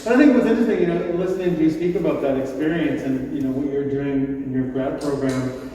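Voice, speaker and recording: A man's voice: fairly high pitch, quick pace, mellow, a little hiss or hum. A man on an artist panel responding thoughtfully, building his points as a list. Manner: thoughtful, builds ideas in lists. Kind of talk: reflective panel discussion. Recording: echoey hall, distant mic.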